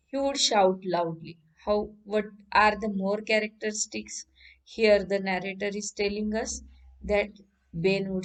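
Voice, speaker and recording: A woman's voice: medium pitch, low-quality recording. A woman teacher with an Indian accent, reading lines of a story aloud and then explaining them to students.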